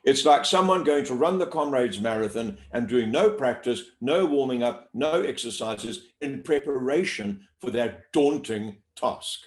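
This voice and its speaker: A man coaches voice warm-ups with a lively, swooping pitch. He talks in an animated, demonstrative way. The room around him rings with echo. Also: measured pace, hardly any pauses. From South Africa. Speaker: voice-over coach. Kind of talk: explanatory interview talk. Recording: echoey room.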